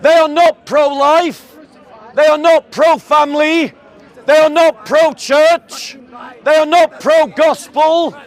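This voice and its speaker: A man with a southern English accent, giving a declamatory public speech to a crowd outdoors and calling them ladies and gentlemen. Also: extremely high pitch, steady tone, slow pace. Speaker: street preacher.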